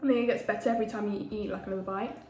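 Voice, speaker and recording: A woman's voice: medium pitch, fairly even intonation, very fast, warm tone, slight background noise. Chatty young woman. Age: 20s. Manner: chatty, eating while talking. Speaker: food vlogger. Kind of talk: casual mukbang chat. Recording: echoey room with faint ambience.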